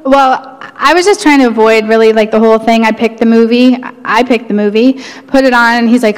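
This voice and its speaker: A woman's voice: a little high, fairly even intonation, brisk, few pauses, clear, resonant tone. A woman in her thirties sharing her side of a personal testimony to a church congregation, casual and frank, with lots of "like". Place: church sanctuary. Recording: long hall reverb.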